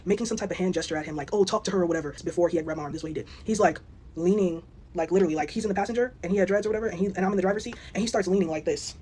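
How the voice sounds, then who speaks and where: A woman's voice: fairly low pitch, warm tone, a little hiss or hum. A young woman telling a personal story in casual vlog style, blunt and outspoken, swearing freely and acting out what each person said. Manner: rapid, blunt, swears freely, acts out both sides of the story.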